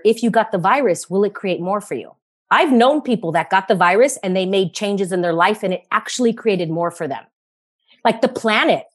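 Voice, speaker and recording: A woman guest in a casual podcast conversation, animated and acting out the voices she quotes. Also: medium pitch.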